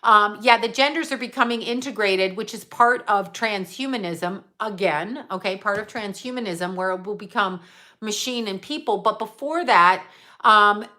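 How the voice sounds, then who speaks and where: A woman's voice: mid-range voice, normal speed, bright, forceful tone. A middle-aged woman, a psychic medium, venting bluntly on a live stream, rambling and cursing with laughing asides. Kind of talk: rambling unscripted live vent. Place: home in Los Angeles area.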